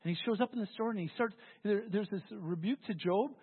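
A pastor with a husky, medium-pitched voice talks fast while preaching a sermon in a conversational, storytelling style, often restarting phrases. The audio sounds phone-like and carries a long hall reverb.

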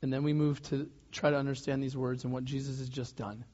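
A man's voice: mid-range voice, little pitch movement, brisk. Male pastor preaching casually, lo-fi sound. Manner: conversational, loose preaching with restarts and soft laughs. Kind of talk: sermon. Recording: dull lo-fi sound.

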